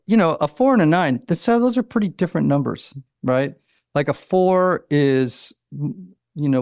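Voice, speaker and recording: A man in his sixties with a gravelly, slightly raised voice tells stories in a relaxed interview. He acts out little quotes and leans on "you know" as he talks, recorded close and dry with no room sound. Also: a little high, dry recording. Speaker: author and psychotherapist, guest. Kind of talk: conversational interview.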